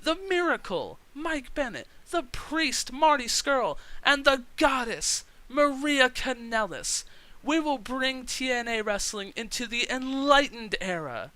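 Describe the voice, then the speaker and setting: A man voicing a haughty female wrestling valet who makes grandiose, drawn-out proclamations. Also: extremely high pitch, sing-song, pushed and bright, dry recording, voice pushed up, heavily acted, poor audio.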